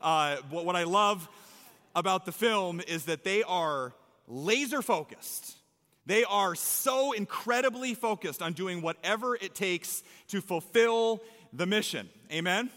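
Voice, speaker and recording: Brief: energetic male pastor, high, bright tone, playful emphatic preaching, long hall reverb. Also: unhurried. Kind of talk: sermon. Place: church stage before a congregation.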